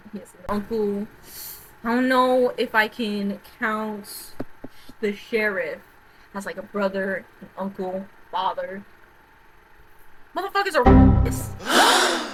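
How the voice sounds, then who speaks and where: A woman vlogger in a casual, rambling rant, often repeating herself and swearing, swinging between loud outbursts and quiet mutters. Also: medium pitch, a little hiss or hum, poor audio. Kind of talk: casual rant about horror movies.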